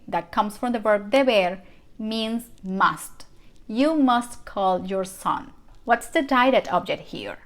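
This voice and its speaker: Slow, careful teacher woman. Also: medium pitch. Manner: slow, careful model sentences with questions to the viewer. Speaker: Spanish teacher. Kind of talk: language lesson.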